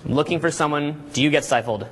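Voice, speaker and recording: High-voiced energetic male seminar coach. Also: fast, background noise. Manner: animated, energetic, audience questions. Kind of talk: live seminar teaching. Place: seminar room with live audience.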